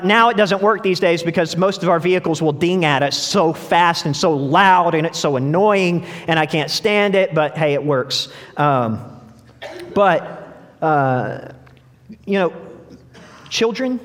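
A man's voice: sits high, a little fast. A young man preaching a sermon to his congregation in a casual, storytelling way, often restarting his sentences. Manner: conversational, storytelling, frequent restarts. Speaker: pastor. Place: church sanctuary. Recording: long hall reverb.

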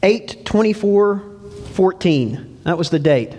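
High-voiced pastor in a reverberant church. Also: male voice, expressive, slow pace, dark tone. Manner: folksy storytelling, asks the congregation. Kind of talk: sermon.

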